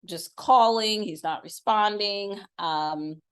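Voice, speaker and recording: A middle-aged woman co-hosting a podcast, telling a personal story in casual chat and acting out quoted lines with big jumps in pitch. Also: slow, smooth. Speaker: podcast co-host.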